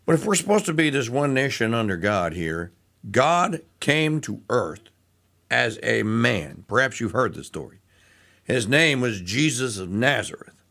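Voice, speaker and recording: A man's voice: mid-range voice, sing-song, unhurried, creaky, bright, forceful tone. A man hosting a talk radio show, delivering a sarcastic, rambling monologue full of restarts and fillers.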